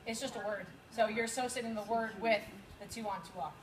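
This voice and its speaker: A woman's voice: a little high, steady tone, fast talker, crowd noise. A woman teaching a dog agility class, coaching the students and calling cues to her dog. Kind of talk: outdoor training class instruction. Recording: echoey with loud background noise.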